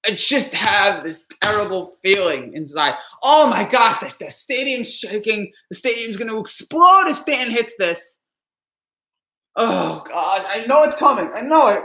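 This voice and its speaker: A man's voice: high-pitched, very animated, measured pace, bright, forceful tone, reverberant. A man reacting live to a ballgame as a fan streamer, anxious and pleading, with heavy sighs.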